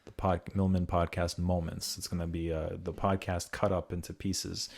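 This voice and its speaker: A young man hosting a casual podcast chat, swearing freely and getting animated as he makes his points. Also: normal speed. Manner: animated, swearing freely, jumps into high mocking voices when quoting. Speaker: podcast host.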